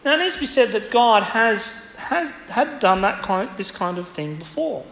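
High-voiced man preaching in echoey church. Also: sing-song, normal speed, a bit bright. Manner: expository Bible teaching, emphatic quotes. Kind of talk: sermon. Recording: echoey church hall, faint ambience.

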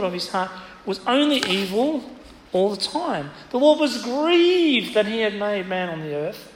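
Male preacher, high voice, expository sermon, emphatic Bible quotes, long church reverb, faint room ambience. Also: fairly bright tone, slight background noise.

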